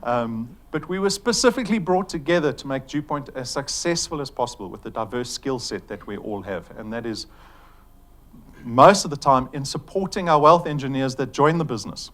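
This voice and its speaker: A man's voice: mid-range voice, animated, moderate pace, a bit bright. Middle-aged South African man presenting his company to a room, casual and lightly joking. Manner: chatty and joking, with fillers. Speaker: company executive presenting to an audience. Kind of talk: business presentation.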